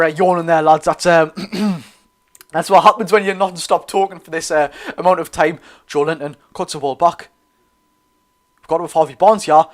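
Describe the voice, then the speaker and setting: A young man with a Geordie accent hosting a live football watchalong, commentating casually, correcting himself and chatting to viewers. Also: fairly high pitch. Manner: chatty, self-correcting, addresses viewers as lads. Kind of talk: live match commentary and chat.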